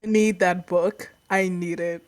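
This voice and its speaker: A woman's voice: on the low side, steady tone, measured pace. A woman playing in a tabletop game, chatting in a playful, giggly way. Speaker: player. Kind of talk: casual tabletop game chat.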